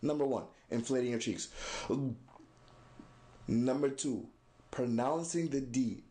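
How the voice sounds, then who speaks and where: A man teaching recitation in an unhurried, step-by-step way, repeating each sound slowly and clearly. His voice is dark and mellow, and he warmly praises each attempt by the learner. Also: medium pitch. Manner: patient, demonstrates sounds slowly and repeats them. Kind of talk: step-by-step pronunciation lesson.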